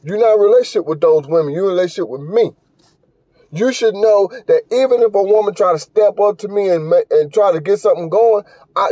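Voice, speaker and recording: A high-pitched but mellow man gives casual reaction commentary on his podcast. He is blunt and profane and scolds his listeners. The recording is dry and close. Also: no echo. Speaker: podcast host.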